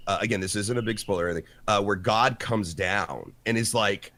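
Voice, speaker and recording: A man co-hosting a casual podcast chat, animated and acting out quotes in his story. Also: lowish voice, a little fast, no echo. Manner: animated, acts out quotes with lively swings. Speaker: podcast co-host.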